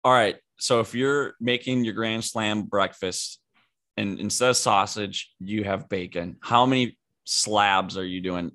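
A man's voice: fairly low pitch, unhurried, sharp tone. A young man co-hosting a podcast, chatting casually and giving blunt, rambling opinions. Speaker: podcast co-host. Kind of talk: casual chat.

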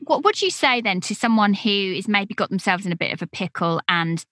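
A woman hosting a podcast from home, asking engaged, enthusiastic questions in relaxed conversation. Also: mid-range voice, fairly quick, no echo, clean studio sound. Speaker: podcast host. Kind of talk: conversational interview. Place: home, remote call.

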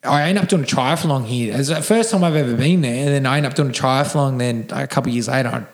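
An Australian man, appearing as a podcast guest, tells his story in a casual, rambling way, restarting often and swearing. His mid-range voice comes fast, and he sounds emotional, close to tears.

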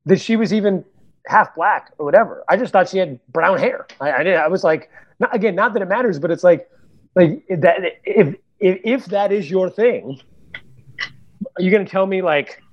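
A man's voice: sits high, lively intonation, moderate pace, muffled recording. A man co-hosting a casual podcast chat, joking with stammering asides. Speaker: co-host.

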